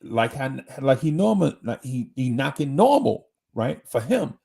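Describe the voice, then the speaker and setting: A man's voice: mid-range voice, big pitch swings, measured pace, creaky, warm tone, breathy edge. A man hosting a live show, telling a slangy, rambling story with many restarts. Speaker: host. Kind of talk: casual storytelling chat.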